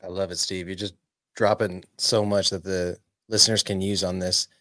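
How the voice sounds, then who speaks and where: A man's voice: low-pitched, level tone, moderate pace, a bit bright, no echo, clean studio sound. A man hosting a podcast interview, asking questions and praising his guest enthusiastically. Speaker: podcast host. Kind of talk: interview conversation.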